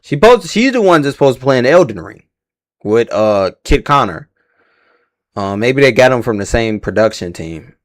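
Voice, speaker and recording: Lively low-voiced man streaming casually. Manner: rambling, slangy and profane, stumbles over names. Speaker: livestream host reacting to casting news. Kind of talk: casual livestream reaction.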